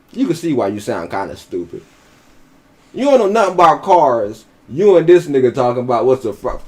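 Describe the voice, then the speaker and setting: A man's voice: mid-range voice, a little mellow. Blunt, profane male podcast commentator. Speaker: podcast co-host. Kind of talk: casual commentary.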